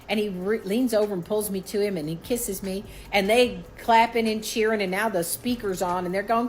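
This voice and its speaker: A woman in her sixties tells a story from her own life in a casual, animated way. Her voice sits fairly high, and it jumps higher still when she acts out the quotes. A faint hiss of background noise runs under the recording. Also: brisk, few pauses. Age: 60s.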